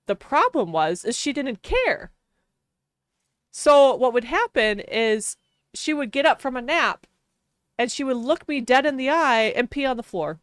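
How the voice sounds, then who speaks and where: A woman's voice: high voice, big pitch swings, unhurried, no room sound. A woman streamer telling a long casual story while gaming, chatty and full of fillers, laughing often.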